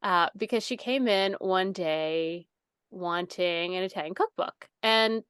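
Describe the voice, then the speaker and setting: A woman's voice: on the low side, measured pace, fairly bright tone, clear, resonant tone, no echo, clean studio sound. A woman co-hosting a podcast, telling a long story in a casual, rambling way, laughing often and using many fillers. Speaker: podcast co-host.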